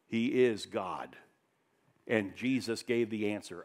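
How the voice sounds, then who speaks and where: A pastor preaching a sermon in church, rising to loud emphatic peaks and dropping to hushed, low passages. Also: male voice, a little slow.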